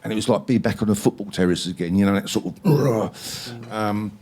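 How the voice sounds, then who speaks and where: A very low-pitched man, spinning rambling stories as an interview guest. He swears freely, fills gaps with ums and uhs, and talks as though to a live audience at a library event. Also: normal speed, a little mellow, husky. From England.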